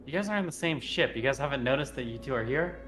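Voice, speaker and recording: A man's voice: mid-range voice, lively intonation, fast, a bit bright, slight background noise. A man playing a tabletop game, asking question after question in a doubtful, incredulous way. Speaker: player. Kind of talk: tabletop game chat, in and out of character.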